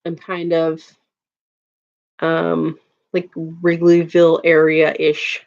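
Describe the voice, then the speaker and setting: A woman's voice: low voice, completely flat delivery, drawn-out words, vocal fry, a little mellow, lo-fi sound. Giggly woman chatting on a stream. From Chicago, USA. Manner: giggly, laughs often, chatty filler words. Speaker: livestream host. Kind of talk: casual chat reading viewer comments.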